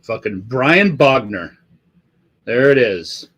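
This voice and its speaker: A middle-aged man rambling through a casual live stream with a fair amount of drink in him. He swears constantly and wanders from one thought to the next, his voice sitting at a middle pitch. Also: normal speed, a bit bright. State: has been drinking.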